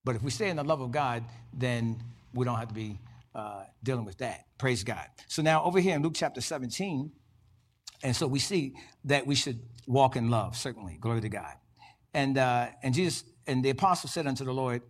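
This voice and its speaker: A man's voice: medium pitch, expressive, fairly quick. A man preaching a sermon as pastor, repeating key phrases and breaking in with short praises.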